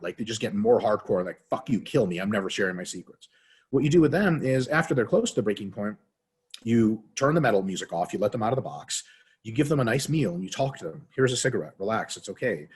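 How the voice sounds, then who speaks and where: A man's voice: fairly low pitch, darkish tone, husky. A man as a podcast guest who talks as a fitness scientist, in rambling, profane casual chat and acting out quoted voices. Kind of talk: casual interview talk.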